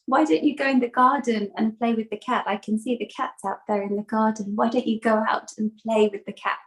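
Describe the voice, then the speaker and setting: Woman voicing a wise, busy mother goddess, calm and instructive, storybook telling. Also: a little high, a little fast, natural voice, poor audio.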